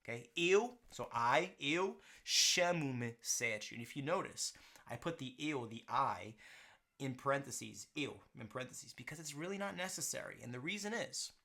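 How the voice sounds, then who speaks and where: A man's voice: mid-range voice, expressive, creaky, pushed and bright. A man teaching a language lesson, explaining grammar and often checking in with "right?" and "okay". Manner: slows down to model pronunciation.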